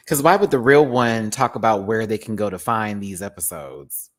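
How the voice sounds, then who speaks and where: This is a man from the United States, his voice fairly low and his pace moderate. On his own channel he delivers a jokey, sassy live-stream rant reviewing a show, full of animation and laughter.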